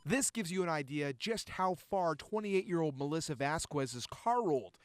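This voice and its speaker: A man narrating a network news report as a voice-over, crisp and steady. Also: a little high, normal speed, no echo.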